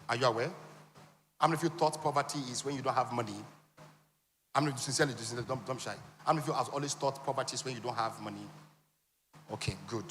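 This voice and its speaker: At a conference, a Nigerian-accented man teaches about wealth interactively, quizzing the audience with call-and-response questions and teasing asides. His voice is medium-pitched and fairly bright, with slight background noise and long hall reverb.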